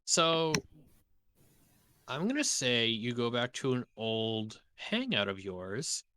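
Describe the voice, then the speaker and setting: A man running a tabletop game as dungeon master on a live stream, unhurried and halting, with frequent fillers. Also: medium pitch, big pitch swings, bright, forceful tone, clear, resonant tone, no echo, studio quality.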